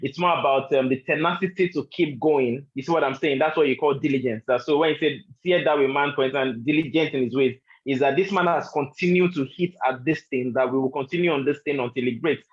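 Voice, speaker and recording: A man's voice: medium pitch, fast, few pauses, husky, highs cut off. A man answering as a guest, reflecting on his own work, restarting phrases as he builds each point.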